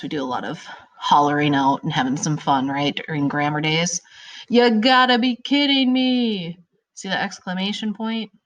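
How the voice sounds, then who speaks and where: Lady teacher doing a grammar lesson for kids, kinda low voice, bouncy and animated, stretches out her examples. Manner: upbeat, animated, stretching example sentences for effect.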